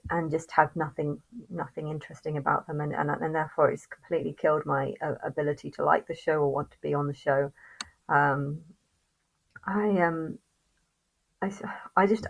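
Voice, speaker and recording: A woman with a fairly low voice rants straight to the camera in a vlog. She sounds angry and halting, swears freely and keeps restarting her sentences. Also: low-quality recording. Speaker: vlogger. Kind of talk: ranting monologue to camera.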